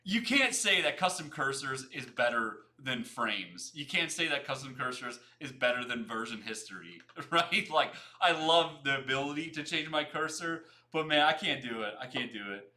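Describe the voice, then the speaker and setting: A young man hosts a casual livestream, his voice bright and forward. He talks fast, repeats phrases and chats straight to his viewers. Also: mid-range voice, animated. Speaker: livestream host.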